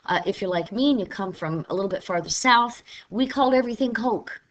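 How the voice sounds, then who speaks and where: A woman's voice: medium pitch, fairly quick, dull audio, a little hiss or hum. A woman from Missouri giving a conversational literature lecture, now and then playfully mimicking regional speech. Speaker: literature teacher. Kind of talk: recorded classroom lecture.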